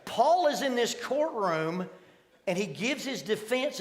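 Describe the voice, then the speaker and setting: Preacher with a higher voice. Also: male voice, expressive, brisk. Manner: storytelling, acting out quoted voices with sudden loud bursts. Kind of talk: sermon. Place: church sanctuary. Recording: long hall reverb.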